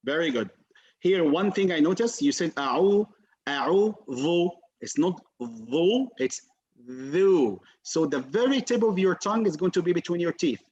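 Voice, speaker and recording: A male teacher giving an online class, patiently repeating sounds slowly for his students to copy. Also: high voice, animated, a little mellow, slightly rough. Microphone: video call. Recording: dull lo-fi video call audio.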